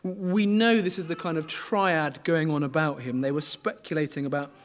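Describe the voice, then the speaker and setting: A man's voice: on the high side, steady tone, normal speed. A middle-aged man preaching a sermon in a conversational way, often asking the congregation questions.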